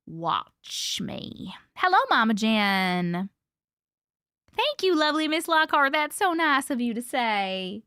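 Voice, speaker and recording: A woman's voice: fairly high pitch, big pitch swings, slow, pushed and bright, smooth, no echo, studio quality. A woman hosting a casual live stream, chatting with viewers in a playful way, laughing often and now and then coughing. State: coughing, needs a cough drop. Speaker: livestream host reading viewer stories.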